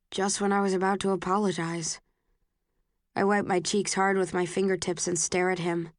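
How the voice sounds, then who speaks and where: A woman reading a novel aloud in the first person, earnest and emotional, voicing the heroine's outbursts with sharp rises. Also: on the low side, level tone, moderate pace, dry recording, clean studio sound. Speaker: audiobook narrator.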